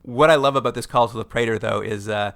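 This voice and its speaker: Chatty man recapping a show, bright voice. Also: mid-range voice, fast talker, vocal fry. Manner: rambling, lots of "like" and restarts, laughs often. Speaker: podcast host. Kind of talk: casual chat recapping a show.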